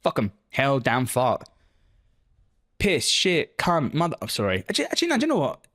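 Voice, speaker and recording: A man's voice: mid-range voice, huge pitch swings, normal speed, a bit bright. A man live-streaming, chatting casually with viewers and answering their messages with lots of swearing and joking banter.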